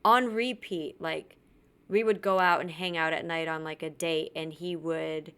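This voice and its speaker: A woman's voice: deep voice, steady tone, unhurried, fairly bright tone, clean tone. A woman hosting a podcast, telling a personal story candidly and bluntly, swearing freely and acting out what others said. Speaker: podcast host.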